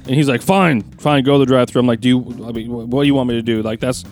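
A man telling a family story on a casual show, animated and swearing, jumping into loud, high impressions of his dad. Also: very fast, faint music behind.

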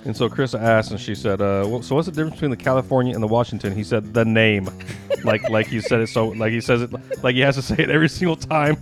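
A man's voice: medium pitch, quick pace, music in the background. A man telling rambling, profane stories in a casual podcast chat with friends. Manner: rambling storyteller, swears freely. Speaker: podcast co-host.

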